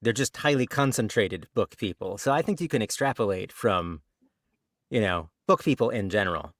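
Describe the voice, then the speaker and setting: A man's voice: lowish voice, lively intonation, normal speed, no room sound, clean studio sound. A man talking as a guest author in a casual live-streamed chat, wry and understated.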